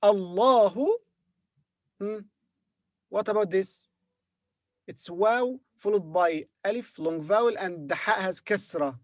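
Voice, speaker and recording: Slow, patient male language teacher. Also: high-pitched, no room sound, studio quality. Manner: patient, sounds out syllables and repeats words. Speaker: Arabic teacher. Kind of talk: slow beginner language lesson.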